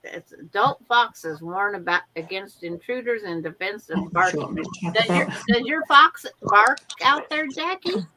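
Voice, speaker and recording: A woman's voice: mid-range voice, expressive, measured pace, bright, forceful tone, slight background noise, poor audio. A woman hosting a livestream chat over a video call from home, telling chatty stories and acting out quotes. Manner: chatty storyteller who acts out quotes. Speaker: host of a sewing livestream. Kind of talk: casual chat.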